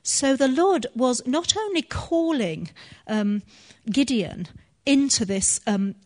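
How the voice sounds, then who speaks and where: Woman preaching a gentle sermon. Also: sits high, animated, takes it slowly.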